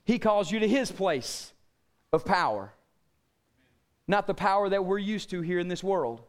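A middle-aged man preaches with fervent energy, his voice sitting very high for a man. His tone is smooth and clear, and he swings from shouted emphasis to low, quiet appeals. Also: lively intonation, a little slow. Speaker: pastor. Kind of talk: sermon.

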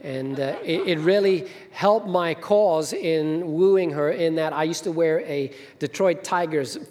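A middle-aged man, the senior minister, gives an unhurried storytelling sermon in a church hall, performing the voices of those in his anecdotes. His fairly high voice has a darkish tone, and the audio carries a long hall reverb plus a little hiss or hum.

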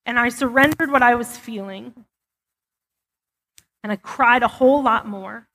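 A woman's voice: a little high, measured pace, a bit bright. Candid woman preaching in a reverberant church. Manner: candid, chatty, many fillers. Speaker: church speaker. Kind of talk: personal testimony sermon. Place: church sanctuary. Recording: long hall reverb.

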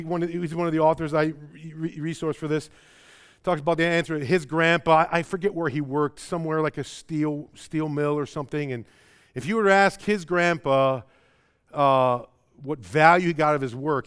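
A man with a Chicago-area accent preaching a sermon, swinging between loud emphatic bursts and quiet low passages, often repeating words as he presses a point. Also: moderate pace, clean tone. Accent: Chicago-area American. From American Midwest. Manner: stumbles and repeats words when excited. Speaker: pastor.

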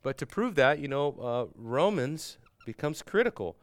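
A man's voice: a little high, very animated, moderate pace, dry recording. A man teaching theology to a classroom, talking conversationally with frequent fillers and rhetorical questions. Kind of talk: classroom lecture.

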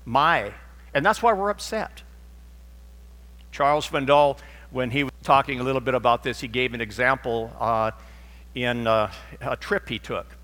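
A man's voice: medium pitch, moderate pace, long pauses, fairly bright tone. A middle-aged man preaching a sermon in a church, telling stories and acting out the dialogue in them. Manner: storytelling, acts out dialogue in quotes. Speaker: pastor. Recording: long reverb of a large hall.

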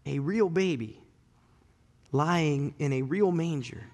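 Brief: male pastor preaching, dramatic loud-to-hushed delivery, high voice, long reverb. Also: slow pace, pauses often. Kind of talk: sermon.

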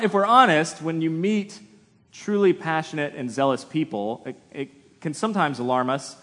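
A man preaching a sermon in a relaxed, conversational way, with self-deprecating humor. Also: medium pitch. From United States. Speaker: pastor. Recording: long hall reverb.

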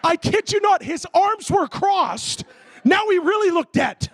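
A man preaching a sermon, telling a comic story with animated delivery and shouted sound effects. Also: extremely high pitch, unhurried, dry recording.

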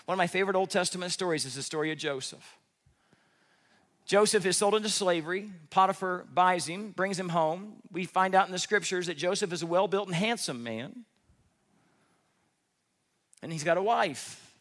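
A male pastor preaching to his church in an animated way, slipping into little acted voices and jokes. His voice sits a touch high and has a gravelly edge. The sound rings with a long hall reverb. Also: moderate pace. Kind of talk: sermon. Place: church sanctuary.

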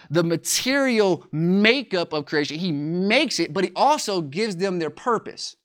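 A preacher teaching a sermon from scripture, slowing down to stress key words and asking rhetorical questions. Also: mid-range voice, fairly bright tone. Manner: deliberate, slows for emphasis on key words.

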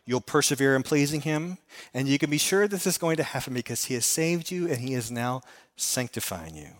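A man's voice: medium pitch, expressive, a little fast. A middle-aged man giving an earnest sermon as a pastor, telling stories and repeating phrases. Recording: long hall reverb.

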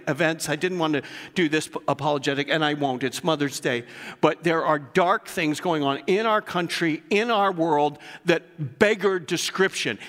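Older male pastor with a slightly high-pitched voice, preaching earnestly in a church with long echo. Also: fairly bright tone. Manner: earnest storytelling preacher, rising to emphatic passages. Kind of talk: sermon. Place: church sanctuary. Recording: long reverb of a church hall.

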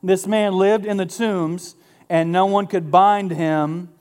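Pastor, smooth, slightly high voice. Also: male voice, steady tone, slow pace, a little mellow. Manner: conversational, jokey asides to the congregation. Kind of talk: sermon.

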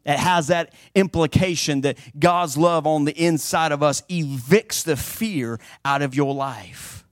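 A man preaching a sermon with fervent emphasis, swinging between loud declarations and hushed passages. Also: fairly high pitch, a little slow, few pauses, no echo, clean studio sound.

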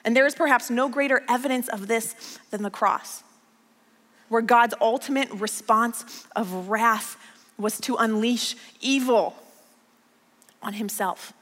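Woman pastor, bright and slightly high, storytelling sermon with emphatic repeats, long hall reverb. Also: a little slow, pauses often. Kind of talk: conversational sermon.

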